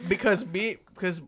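High, lively young man storyteller. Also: slightly rough. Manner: laughs through stories, acts out quotes. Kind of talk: casual chat, storytelling.

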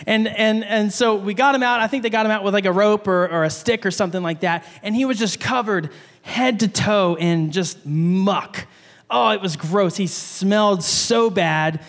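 A man's voice: sits high, normal speed, fairly bright tone. A man giving a sermon, telling a story from his childhood and laughing often as he talks. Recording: long hall reverb.

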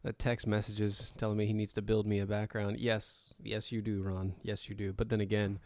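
Creaky-voiced man chatting casually. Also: fairly low pitch, normal speed, dry recording. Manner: relaxed, chatty, humming to himself. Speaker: livestream show host. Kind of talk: casual pre-show chat to viewers.

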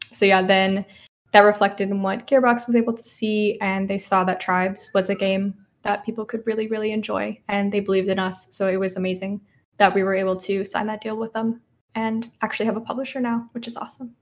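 Speaking from home as a game developer being interviewed, a woman gives casual answers in a brisk, medium-pitched voice with little pitch movement. She's upbeat and enthusiastic and says "yeah" a lot.

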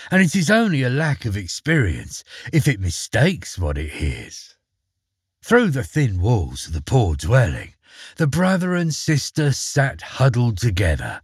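A male storyteller reading a classic fairy tale aloud, theatrical and expressive. His voice is somewhat husky and swings widely in pitch. It sounds dry and close to the mic. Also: no echo.

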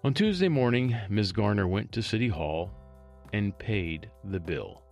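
A man's voice: lowish voice, expressive, measured pace, creaky, a little mellow, soft background music. A man reading a local news story aloud and adding chatty, wry asides as a storytelling host.

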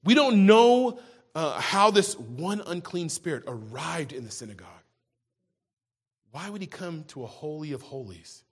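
A man's voice: on the high side, sing-song, unhurried, breathy edge. A man preaching a sermon in a conversational way, often restarting and repeating words as he goes. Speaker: pastor.

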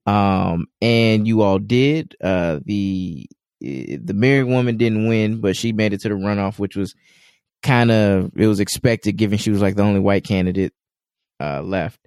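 Laid-back low-voiced man co-host. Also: moderate pace, darkish tone, no echo, clean studio sound. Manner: laid-back, many fillers. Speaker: podcast co-host. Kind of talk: casual podcast chat.

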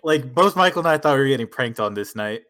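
A man's voice: medium pitch, fast. A man co-hosting a podcast, telling a story in casual, swearing chat and acting out quoted lines. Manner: swearing, animated retelling with quoted dialogue. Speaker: podcast co-host.

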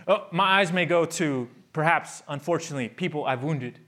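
A man preaching a sermon as pastor, telling a personal story with animation and then easing into soft, earnest prayer. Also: on the high side, normal speed.

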